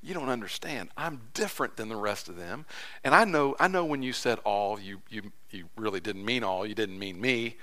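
A man voicing the disciple Peter in a whispered role-play, pleading quietly that he is different from the others. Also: lowish voice, animated, moderate pace, pitched below the performer's own voice. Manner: hushed, insistent. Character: Peter, pleading male disciple confiding aside.

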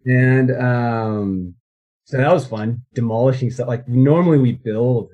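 A man's voice: mid-range voice, a little slow, mellow, lo-fi sound. A man in his thirties, a guest recounting his life story in a casual interview, rambling with many fillers and restarts.

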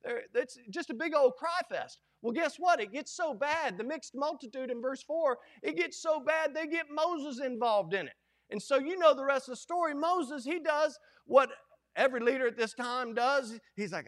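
A middle-aged man preaching a sermon as pastor, folksy and animated, acting out quoted lines. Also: very high voice, moderate pace.

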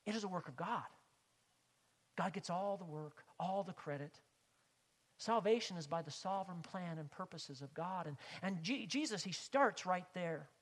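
A man preaching a sermon as pastor, with impassioned emphasis that swings between loud declarations and hushed, near-whispered lines. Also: sits high, expressive, normal speed, big-room sound.

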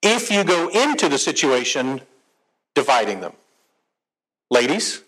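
A middle-aged man, a therapist and conference speaker, giving a conversational, animated talk on marriage to a live audience and asking them questions. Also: a little high, unhurried, pauses often, poor audio.

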